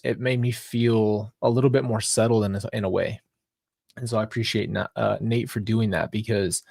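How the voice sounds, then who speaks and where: A young man hosting a podcast, thanking his viewers in a heartfelt, halting way with many restarts, and getting close to tears. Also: fairly low pitch, creaky, dry recording. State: emotional, near tears. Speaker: podcast host. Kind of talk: live podcast sign-off to viewers.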